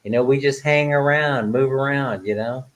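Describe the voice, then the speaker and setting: On a live stream, a retired man in his sixties reads viewers' comments aloud, chatting casually and laughing often between filler words. His voice is medium-pitched at a moderate pace, and the audio quality is poor.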